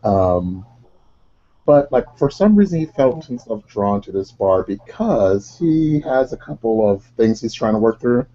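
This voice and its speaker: A man narrating his character's actions in a tabletop game, relaxed and rambling, with lots of fillers. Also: medium pitch, measured pace. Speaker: player. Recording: dull lo-fi recording.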